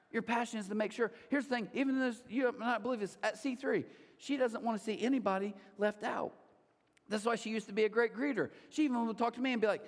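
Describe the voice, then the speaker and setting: A man preaching a sermon as pastor, animated, with asides to the crowd and put-on high voices for others. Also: fast, long reverb tail. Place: church auditorium.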